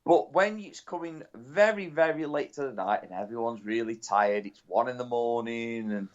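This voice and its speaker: A man's voice: medium pitch, normal speed. A man co-hosting a podcast, telling crude jokes and stories in casual banter. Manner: crude, joking, storytelling. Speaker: podcast co-host. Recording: dull lo-fi sound.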